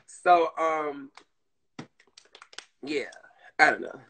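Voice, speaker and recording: A woman chatting casually on her live stream, animated and swearing freely, calling her viewers "girl". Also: low-pitched, drawn-out words, slight background noise, rough recording.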